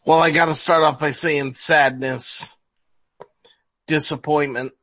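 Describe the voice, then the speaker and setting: A man co-hosting a podcast, speaking in a slow, reflective way. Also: a little high, fairly even intonation, bright, forceful tone, no room sound, low-quality recording. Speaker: podcast co-host. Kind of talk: casual chat.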